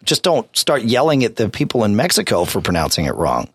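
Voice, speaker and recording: Male co-host, insistent explainer, very wide pitch swings, dry close sound. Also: wildly swooping pitch, fairly quick, slightly rough, dry recording. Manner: explains insistently, repeats points, stammers. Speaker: podcast co-host. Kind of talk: casual chat.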